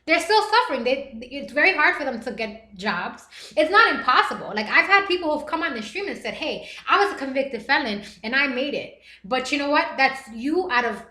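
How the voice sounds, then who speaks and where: Bright emotional woman hosting a live stream. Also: high voice, animated, normal speed, hardly any pauses, echoey room. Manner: emotional, earnest, reads chat messages aloud. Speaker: livestream host reading chat. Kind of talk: casual live-stream talk.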